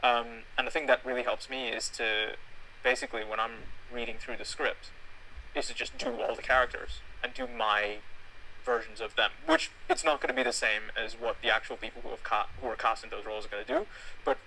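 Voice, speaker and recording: A man's voice: medium pitch, fairly even intonation, fairly quick, pushed and bright, a little hiss or hum, rough recording. A young man, a theatre actor and director, speaking as a guest in an earnest, reflective and emphatic way. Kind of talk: casual conversation.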